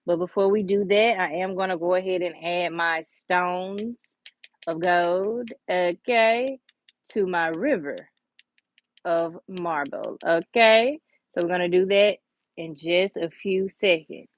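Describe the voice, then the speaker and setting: A woman's voice: on the low side, slow, no echo, lo-fi sound. A woman chatting casually through a nail tutorial, talking to viewers as y'all and honey in a folksy, chatty way. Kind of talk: casual how-to chat.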